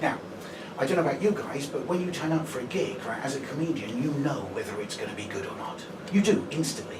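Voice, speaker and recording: A male stand-up comedian from Brighton, England, telling a chatty story and keeping checking in with the crowd with "right?". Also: mid-range voice, quick pace, noisy background. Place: small fringe comedy venue, indoors. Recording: echoey venue, distant, audience laughter. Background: audience laughing.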